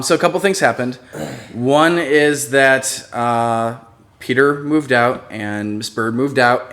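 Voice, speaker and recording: A man co-hosting a casual live stream, rambling and relaxed with many fillers. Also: mid-range voice. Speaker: channel co-host.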